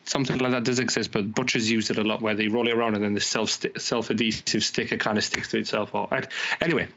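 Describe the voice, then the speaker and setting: Fast-talking man on a dull podcast mic. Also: lowish voice. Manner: animated, acts out quoted dialogue. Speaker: podcast co-host. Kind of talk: casual chat.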